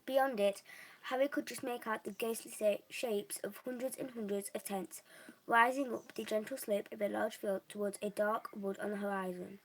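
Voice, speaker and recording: A woman's voice: medium pitch, fairly even intonation, normal speed, poor audio. A young woman reading a novel aloud, unpolished, with small restarts and slips. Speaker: reader.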